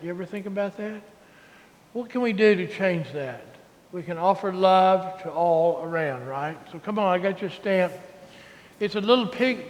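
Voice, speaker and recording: A priest giving a lively, coaxing children's sermon in a large church. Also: male voice, high-pitched, slight background noise. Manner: animated and coaxing, with a Southern drawl. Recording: reverberant church hall, faint ambience.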